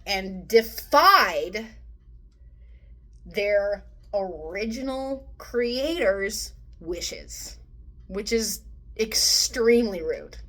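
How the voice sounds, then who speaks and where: A woman's voice: mid-range voice, animated, drawn-out words, a bit bright. A young woman vlogging a casual movie review rant. She swears freely and acts out quotes in mocking voices.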